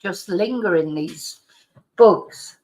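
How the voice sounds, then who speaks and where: On her live stream, a middle-aged woman with a slight lingering cough rambles through casual chat and viewer comments, frequently restarting and laughing. She talks slowly in a lowish voice with a darkish tone.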